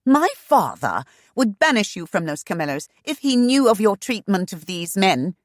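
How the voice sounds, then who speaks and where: A woman voicing a haughty, sharp-tongued young heiress who gives orders without pause. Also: mid-range voice, very animated, dry recording, studio quality, voice pushed up. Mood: scathing. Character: haughty young lady estate heiress, fiery.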